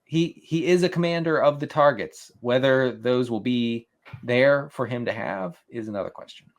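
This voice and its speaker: A man co-hosting a casual fantasy football podcast, talking with quick restarts, stammers and frequent laughs. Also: medium pitch. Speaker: fantasy football analyst co-host.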